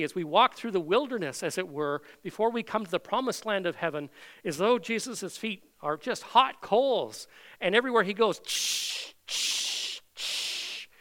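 Bright-voiced man preaching a sermon. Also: high voice. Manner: earnest preaching, swings from loud proclaiming to soft intimate tones. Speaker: pastor.

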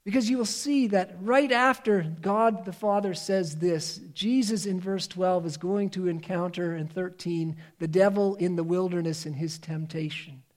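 A man preaching a sermon in an earnest, emphatic way, moving between raised and hushed delivery. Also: sits high, fairly even intonation, normal speed, hardly any pauses.

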